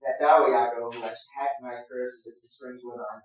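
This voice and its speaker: A man's voice: medium pitch, steady tone, moderate pace. A man teaching an acting master class, giving directions and demonstrating lines aloud. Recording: echoey room, distant mic, dull sound.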